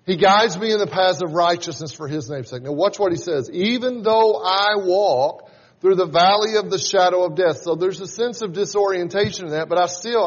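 A man's voice: high voice, husky. A man in his forties preaching a sermon, teaching in a conversational way and reading scripture aloud with rising emphasis. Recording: dull sound in a reverberant hall.

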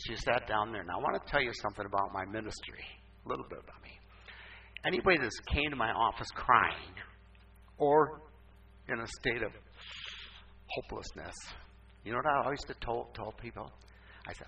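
Animated preacher man, recorded from afar. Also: fairly quick, gravelly, long pauses, husky. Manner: animated, emphatic, with sudden swoops up in pitch. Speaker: pastor. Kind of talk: storytelling sermon. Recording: distant, dull, muffled recording.

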